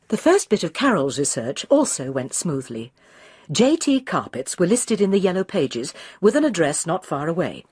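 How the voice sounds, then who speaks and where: Husky woman reading a crime novel. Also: on the low side, big pitch swings, moderate pace, darkish tone, no room sound, studio quality. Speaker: narrator.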